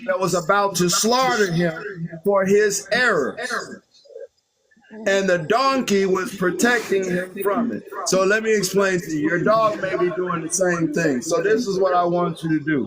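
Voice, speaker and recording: A man's voice: high-pitched, normal speed, crowd noise, poor audio. A man hosting a live stream, giving confident, preachy spiritual advice to a caller. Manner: authoritative, instructive, confident. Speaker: spiritual livestream host.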